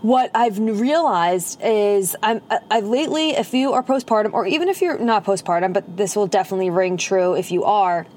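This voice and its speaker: A woman's voice: mid-range voice, normal speed, hardly any pauses, a little mellow. Bubbly, chatty woman podcast host. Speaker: podcast host and holistic nutritionist. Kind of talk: casual chat. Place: inside a parked car at night. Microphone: phone propped up.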